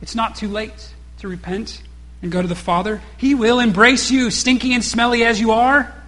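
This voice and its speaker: Bright, high-voiced male preacher. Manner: preaching with rhetorical questions and casual asides. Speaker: pastor. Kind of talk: sermon.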